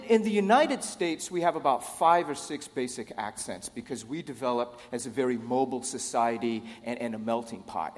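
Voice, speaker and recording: A man's voice: medium pitch, big-room sound. A middle-aged man preaching a sermon as pastor, conversational and repeating words as he starts phrases. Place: church.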